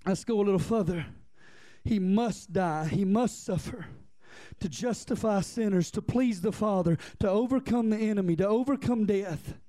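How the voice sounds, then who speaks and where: A male preacher delivering a sermon with impassioned, rhythmic repetition and bursts of shouting, speaking directly to the congregation. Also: high voice, normal speed.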